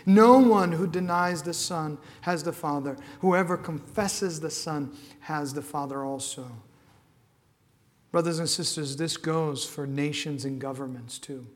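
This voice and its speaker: Impassioned male preacher, slightly high voice, big church reverb. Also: a little slow. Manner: impassioned, swings from shouting to hushed. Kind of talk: sermon. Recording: long hall reverb.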